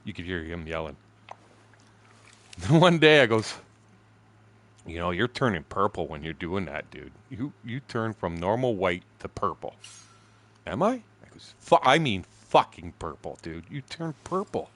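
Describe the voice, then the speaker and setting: A man in his sixties telling profane stories casually while streaming a fishing game, acting out shouted quotes. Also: deep voice, big pitch swings, a little slow. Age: 60s. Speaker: gaming streamer. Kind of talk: casual storytelling while gaming.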